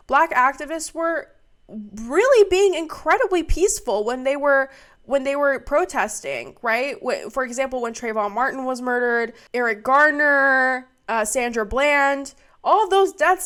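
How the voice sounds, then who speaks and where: A woman's voice: sits high, expressive, normal speed, a bit bright. A young woman streamer giving fired-up, profane commentary. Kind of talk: heated commentary.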